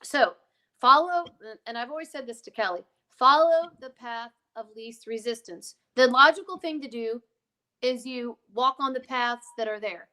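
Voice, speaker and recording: A podcast guest tells stories in a casual conversation, explaining things emphatically and wandering off into frequent asides. She has a fairly high, pushed, bright voice and speaks at a moderate pace.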